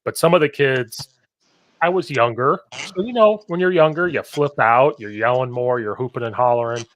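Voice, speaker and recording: A young adult man hosts a casual coaching podcast. He is an animated storyteller who acts out the voices of the kids and coaches he quotes, and his voice sits at a medium pitch. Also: moderate pace, no room sound. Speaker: podcast host and football coach.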